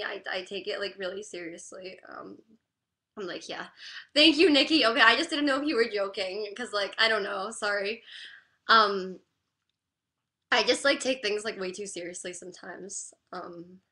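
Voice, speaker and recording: A young woman crying through a livestream chat, halting and apologetic, with the word "like" in almost every phrase. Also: medium pitch, pushed and bright. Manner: halting, apologetic, full of "like" fillers.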